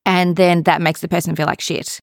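A woman's voice: fairly low pitch, flat delivery, fairly quick, no room sound, clean studio sound. A woman hosting a podcast, talking frankly and playfully in casual chat. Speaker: podcast host.

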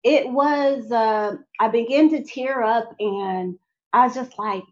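A young adult woman telling a personal faith testimony in an animated way, talking straight to her audience. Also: on the high side, takes it slowly, highs cut off. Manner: animated, addresses audience directly. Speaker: speaker sharing a testimony.

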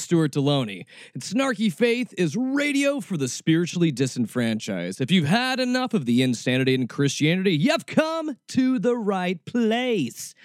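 A man hosting a radio talk show in a studio, with an animated, jokey and sarcastic way of talking. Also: a little high, no echo.

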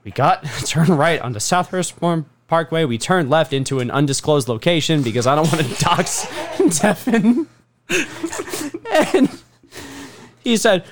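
A young man tells a comic story as an exasperated rant, swearing freely and laughing through his own complaints. His pitch swings widely, from low grumbling to high, outraged peaks. He sounds like a podcast co-host sitting with friends. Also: very animated, unhurried, a little hiss or hum. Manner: profane, exasperated, laughing ranter.

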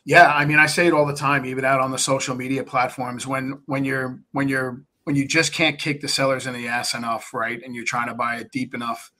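A man talking as a guest on a podcast in an easy, casual way, with a voice of ordinary middle pitch. He gets animated as he explains, stumbling over and repeating words and slipping into little acted-out pitches to sellers. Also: fairly quick, hardly any pauses. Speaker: podcast guest, real estate investor. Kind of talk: casual interview talk.

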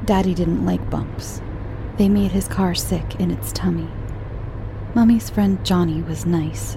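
A woman narrating a horror story in a steady, measured reading. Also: lowish voice, creaky, noisy background.

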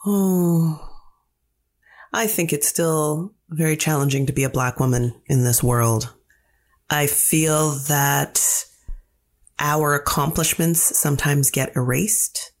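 A woman playwright being interviewed, telling stories in a lively way and acting out the quotes. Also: sits low, takes it slowly. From Canada. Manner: animated storyteller who acts out quotes. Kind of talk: casual interview talk.

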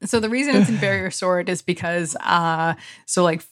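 A woman co-hosting a casual podcast, talkative and easily amused. Her voice sits a little low for a woman, and she slips in plenty of quick asides. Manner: chatty, laughing, quick asides. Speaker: podcast co-host.

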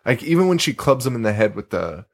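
A man's voice: mid-range voice, big pitch swings, fast. A young man co-hosting a casual horror film podcast, laughing often and trailing off mid-sentence. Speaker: podcast co-host. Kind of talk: casual chat about horror films.

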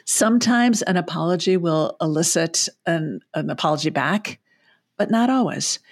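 A woman's voice: on the low side, lively intonation, normal speed, no room sound. A woman child psychologist, a guest on a podcast interview, who explains things through homely analogies and chuckles often.

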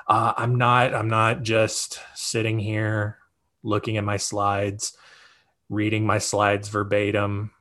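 A man's voice: lowish voice, monotone, takes it slowly, fairly bright tone. A man hosting a podcast, giving casual advice in an upbeat, conversational way with lots of fillers and check-ins. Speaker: podcast host.

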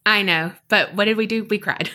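A woman's voice: mid-range voice, fairly quick, bright, forceful tone. A woman, telling a personal story on a podcast and acting out her own past remarks. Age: 30s. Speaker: podcast co-host. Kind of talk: casual storytelling chat.

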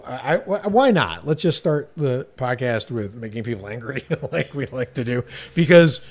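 A man's voice: medium pitch, expressive, moderate pace. A man co-hosting a casual podcast, chatty and enthusiastic, laughing easily. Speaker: podcast co-host.

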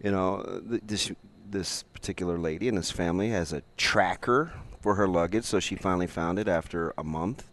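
A man's voice: deep voice, moderate pace, hardly any pauses, fairly bright tone. A man co-hosting a morning radio show, teasing his co-host in playful banter. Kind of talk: casual morning radio chat. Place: radio studio stage.

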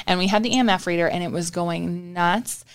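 A woman's voice: lowish voice, fairly quick, smooth. A young woman co-hosting a podcast, telling a story in casual chat with lots of swearing. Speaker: podcast co-host.

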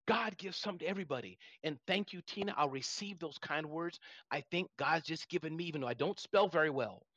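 A man in his forties hosting a live audio room on his phone, talking fast and excitably. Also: fairly high pitch, no room sound, muffled recording. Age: 40s. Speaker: host.

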